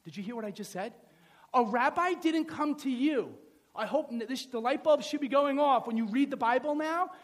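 A pastor from the New York area preaching a sermon in a lively, joking, conversational way, often checking in with "right?". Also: male voice, very high-pitched, moderate pace. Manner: animated, conversational, joking, asks the audience "right?".

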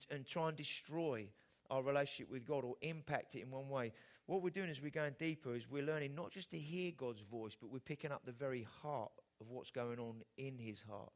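A middle-aged man preaching a sermon in a conversational way, often putting rhetorical questions to his listeners. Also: fairly high pitch. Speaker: pastor.

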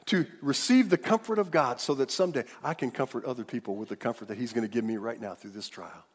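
A man's voice: mid-range voice, fast talker, few pauses, husky. A man pastor preaching an emphatic sermon, leading the congregation in call-and-response. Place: large church hall. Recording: reverberant church hall.

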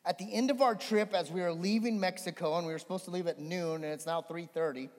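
A man preaching a sermon as a pastor, swinging between animated emphasis and hushed storytelling. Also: high-pitched, fast. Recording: long hall reverb.

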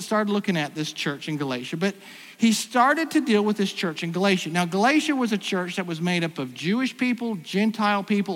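A man's voice: high voice, fairly bright tone, long reverb tail, low-quality recording. A man preaching a sermon in a conversational way, full of rhetorical questions and restarts. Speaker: pastor.

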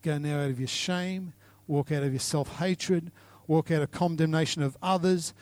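A man's voice: a little high, fairly even intonation, moderate pace, no room sound. A male pastor preaching and praying in a church service, with an earnest, repetitive cadence that builds to fervent declarations. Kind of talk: sermon and closing prayer. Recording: loud guitar music behind. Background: guitar music.

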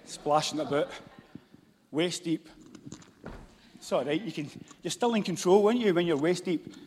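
A man with a Scottish accent preaching a sermon, moving between loud shouts and hushed, intense passages. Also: a little high, normal speed, a little hiss or hum. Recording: long hall reverb.

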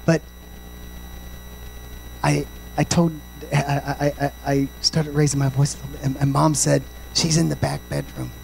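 A male pastor preaching a sermon, swinging from shouted, sing-song passages to quiet, confiding stories and dropping in "amen" and "praise God" often. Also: a little high, flat delivery, unhurried, gravelly, slight background noise, low-quality recording.

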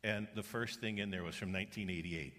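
Speaking a little fast, a middle-aged man gives a sermon as a pastor in a lowish, slightly bright voice. His storytelling is earnest, with the people in it acted out through quoted voices. Recorded in a church auditorium, it carries a large hall's long reverb.

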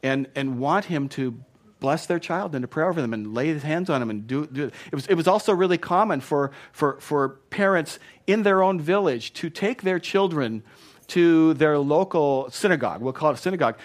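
A man's voice: fairly high pitch, lively intonation, moderate pace. A man in his thirties, a pastor, preaching a sermon in an earnest, emphatic way and often repeating words. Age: 30s.

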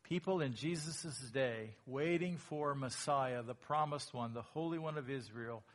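A man preaching a sermon as pastor, lively and emphatic, acting out quoted lines in a raised voice. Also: medium pitch, unhurried.

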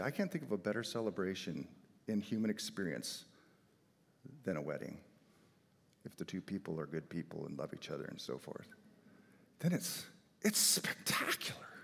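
A man's voice: fairly low pitch, gravelly, breathy edge. Emphatic male preacher in a reverberant hall. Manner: emphatic, swings between loud and soft. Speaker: pastor. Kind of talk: sermon.

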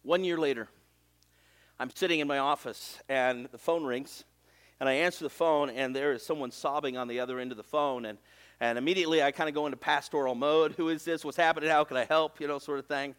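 A middle-aged man preaching as a pastor, telling a personal story in a conversational, animated way with asides to the congregation. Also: medium pitch, fairly quick. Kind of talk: sermon with storytelling.

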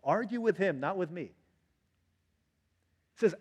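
Husky animated preacher in a reverberant hall. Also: male voice, sits high, measured pace. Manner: animated, acts out quotes in varied voices. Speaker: pastor. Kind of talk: sermon.

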